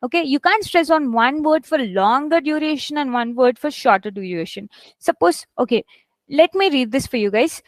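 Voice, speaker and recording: A woman with a high voice teaches a live online English class. She speaks close to the mic in a dry, dead-sounding space, leaning hard on key words as she demonstrates them. She checks in with her students often. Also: lively intonation, moderate pace, no echo. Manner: explains with examples, often checks with "right?"; stresses words heavily to demonstrate. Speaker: English test instructor.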